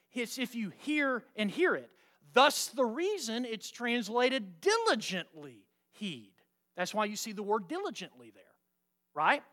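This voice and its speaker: Folksy preacher, pitch jumping all over, keeps asking the crowd "right?". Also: fairly bright tone. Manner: emphatic, asks the listeners rhetorical questions. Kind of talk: sermon.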